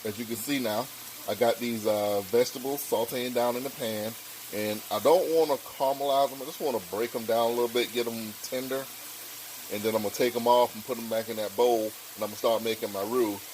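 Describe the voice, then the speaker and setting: A man giving a casual home cooking tutorial in a relaxed, folksy way, talking through each step at the stove. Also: medium pitch, a little fast, slight background noise. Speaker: home cook. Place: home kitchen, stove sizzling behind.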